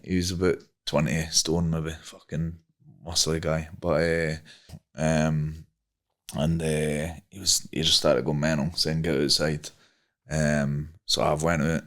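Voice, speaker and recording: Scottish man, young adult, very low voice, rambling, swears a lot, casual podcast guest. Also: level tone, slow pace, fairly bright tone. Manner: rambling, swears freely, many fillers. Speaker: guest, MMA fighter. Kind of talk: casual storytelling.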